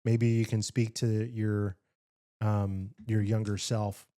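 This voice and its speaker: A man's voice: on the low side, little pitch movement, slow pace, warm tone. A man hosting a podcast interview, asking questions in a laid-back, friendly way. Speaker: podcast host. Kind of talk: casual interview chat.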